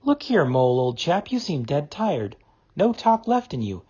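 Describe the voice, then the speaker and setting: A man voicing a cheerful, practical male water rat who talks briskly and hurries his friend along. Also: high-pitched, huge pitch swings, dark tone, breathy edge, highs cut off, voice pushed up, heavily acted. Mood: kind.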